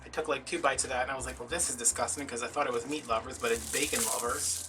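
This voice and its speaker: A man's voice: medium pitch, fairly even intonation, fast talker, distant mic, very noisy. A man chatting casually in a craft vlog from home, rambling and dramatically mocking himself. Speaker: craft vlogger.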